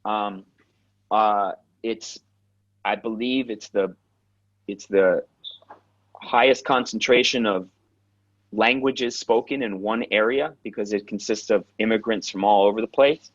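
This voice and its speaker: A man with a New York accent, a guest actor telling stories in a direct, animated, casual interview way. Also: fairly low pitch, a little slow, long pauses. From Queens, New York. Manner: direct, animated storyteller who swears. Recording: dull lo-fi sound.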